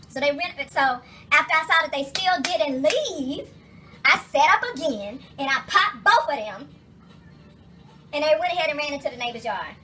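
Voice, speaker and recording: A woman with a high, bright, ringing voice talks casually in her home kitchen. She tells stories in a profane, animated way and keeps breaking off into asides. A faint hum of noise sits under her voice. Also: moderate pace. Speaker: vlogger. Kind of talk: casual kitchen vlog chat.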